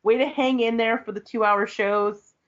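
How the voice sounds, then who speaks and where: A woman's voice: a little high, steady tone, moderate pace, lo-fi sound. A woman hosting a podcast in casual chat, swearing freely and laughing often. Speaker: podcast host.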